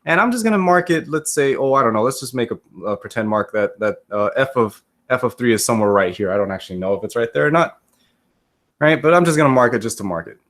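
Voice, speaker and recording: A man's voice: mid-range voice, animated, quick pace, fairly bright tone. Casual man teaching a math lesson. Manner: casual and joking, often checks with "right?" and "okay?". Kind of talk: recorded classroom lecture.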